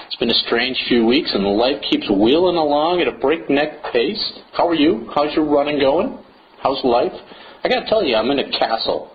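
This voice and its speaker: A man's voice: a little high, lively intonation, moderate pace. A man hosting a running podcast on his own, talking in a playful, theatrical and wordy way, from New England in the United States. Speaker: podcast host. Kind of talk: solo podcast monologue. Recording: slightly dull, faint hiss.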